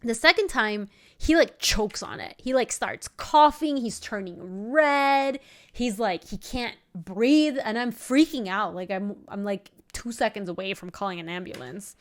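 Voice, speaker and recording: A young woman streamer chatting casually while playing a card game, telling an animated story with laughing asides. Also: mid-range voice, a little slow. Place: home streaming setup.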